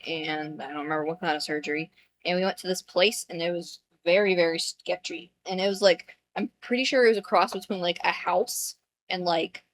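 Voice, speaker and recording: A woman's voice: fairly low pitch, a little hiss or hum. A woman co-hosting a casual podcast, telling a dream and making dry, understated remarks. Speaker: podcast co-host.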